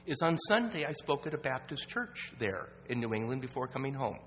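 Guy preaching a story to a church crowd, stops and restarts, goes real quiet sometimes, echoey hall with a faint hum. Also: medium pitch, big pitch swings. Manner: earnest, halting with restarts, drops to a hush at sad moments. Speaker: guest speaker at a church evening program. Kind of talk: storytelling sermon. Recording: roomy reverb with faint hum.

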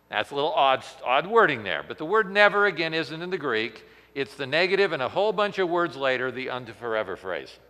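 A man teaching through a Bible passage as a pastor, animated and acting out the quotes with sudden loud emphasis. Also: medium pitch, moderate pace. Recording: long hall reverb.

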